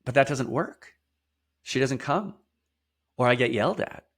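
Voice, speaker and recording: A man guest in an interview, explaining emphatically, stacking lists of words and repeating key phrases. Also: expressive. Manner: drops to a quieter, slower, lower delivery for heavy points. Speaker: podcast guest, somatic therapist.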